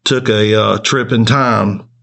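A man in his forties giving a casual, halting account and repeating words. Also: on the low side, fairly even intonation, creaky, a bit bright. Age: 40s. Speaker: group member. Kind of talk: casual testimony.

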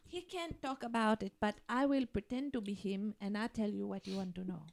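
A woman on a comedy talk show who calmly makes up absurd details while pretending to be a guest. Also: medium pitch, a little fast, gravelly. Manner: deadpan, invents absurd details. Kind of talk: casual comedic chat.

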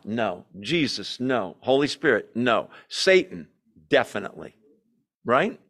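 A man's voice: mid-range voice, fairly bright tone. Man teaching a casual Bible study. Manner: conversational, explains verse by verse with asides. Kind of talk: informal teaching.

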